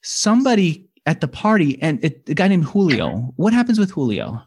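A man's voice: sits high, big pitch swings, brisk, a little mellow, breathy edge. A man hosting an interview who chats eagerly, makes offhand asides and asks questions in a conversational way. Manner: chatty and enthusiastic, with self-deprecating asides. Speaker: podcast host, interviewer.

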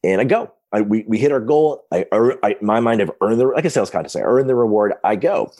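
Animated man in his fifties telling stories. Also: fairly low pitch, quick pace. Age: 50s. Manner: excited, animated retelling with many restarts. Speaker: podcast guest, founder. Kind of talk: casual storytelling. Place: home office.

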